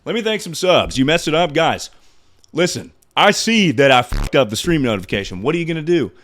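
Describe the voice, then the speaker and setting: A streamer in his twenties runs a casual livestream, still out of breath and talking fairly quickly. He's loud, excitable, and swears freely, with his pitch swinging widely from one line to the next.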